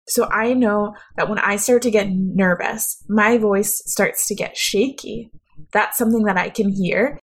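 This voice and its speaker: A woman gives a conversational lesson on speaking, coaching the listener directly. Her voice sits at an ordinary middle pitch. She talks it through in a relaxed, practical way. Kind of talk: instructional talk.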